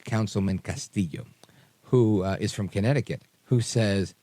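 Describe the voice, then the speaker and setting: Male talk radio host, low and expressive, chatty storyteller, dry studio sound. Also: moderate pace, no room sound. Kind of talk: casual radio monologue.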